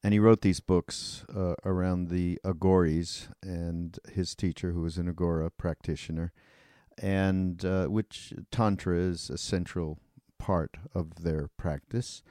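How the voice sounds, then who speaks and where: An older man hosting a podcast in casual conversation, hesitant with many filler pauses. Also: low voice, fairly even intonation, warm tone, no echo, clean studio sound. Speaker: podcast host.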